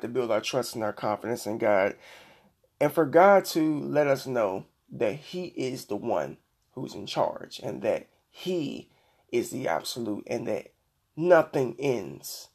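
A middle-aged man hosting a Christian devotional podcast, preaching earnestly and slowing down to read scripture. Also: medium pitch, gravelly, a little mellow, breathy edge. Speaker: podcast host.

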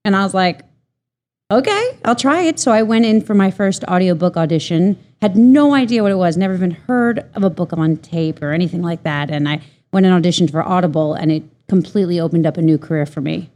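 Chatty woman audiobook narrator, low voice. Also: quick pace, warm tone. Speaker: audiobook narrator, interview guest. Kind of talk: casual interview answers.

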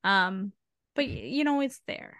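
Slow-talking bright woman co-host. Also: fairly high pitch, no room sound, lo-fi sound. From United States. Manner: animated and emphatic, asides with "okay?". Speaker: podcast co-host. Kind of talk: casual chat.

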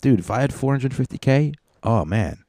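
A man's voice: medium pitch, lively intonation, moderate pace, dark tone, no echo. A young man hosting a podcast, rambling through a profane, self-mocking comedic monologue. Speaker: podcast host.

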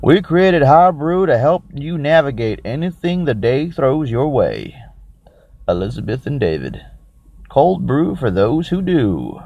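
A man's voice: medium pitch, very animated, measured pace, darkish tone, slightly rough, no echo, muffled recording, pitched above the performer's own voice, full character voice. A man putting on a hammy Texan ad voice. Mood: mock-earnest. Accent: put-on Texan. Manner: mock-earnest, exaggerated drawl. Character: folksy Texan man reading a drink ad.

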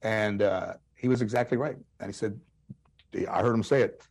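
Husky-voiced man telling comedy stories. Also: lowish voice, moderate pace. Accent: Chicano English. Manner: animated anecdotes with quoted voices, frequent restarts. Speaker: guest comedian. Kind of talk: storytelling interview.

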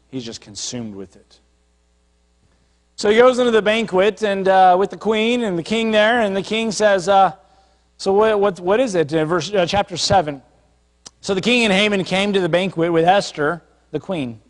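A man's voice: high-pitched, moderate pace, big-room sound. A man, a pastor, preaching a sermon in a conversational way, retelling a scripture story with acted asides.

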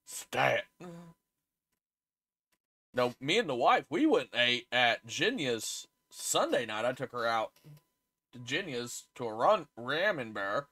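A man's voice: medium pitch, sing-song, measured pace, bright, forceful tone. A man with an Oklahoma accent, co-hosting a podcast in casual, teasing banter. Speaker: podcast co-host. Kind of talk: casual chat.

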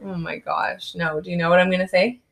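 A woman's voice: on the low side, brisk. Chatty young woman telling travel stories. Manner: animated storytelling with lots of "like" and "basically". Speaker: co-host recounting travels. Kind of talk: casual chat.

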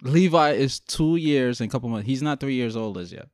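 A man chatting casually, telling relaxed family stories with frequent pauses and ums. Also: mid-range voice, dry recording, clean studio sound. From Guyanese family. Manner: laid-back storytelling with frequent ums. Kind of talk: casual chat.

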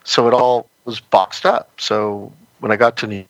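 A man's voice: fairly low pitch, little pitch movement, measured pace, no room sound, highs cut off. A man guesting on a podcast, chatting casually and rambling with plenty of "you know" fillers. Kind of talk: casual interview chat.

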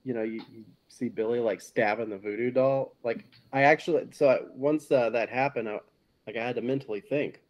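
A man co-hosting a podcast, with a plain mid-pitched voice. He talks in a relaxed, halting way, full of fillers. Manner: relaxed, hesitant, many fillers. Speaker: podcast co-host. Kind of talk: casual podcast chat.

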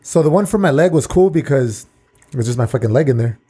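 Fast-talking young man, mellow and rambling. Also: mid-range voice, expressive, husky. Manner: rambling, profane, laughs often. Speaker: podcast co-host. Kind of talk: casual chat.

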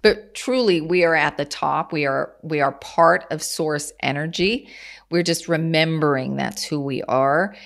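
A woman's voice: sits low, a little slow, vocal fry. A woman, from Kansas. She is a guest on an interview and explains her ideas earnestly, with small restarts as she talks. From Kansas, USA. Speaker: guest, channeler. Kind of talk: casual interview talk.

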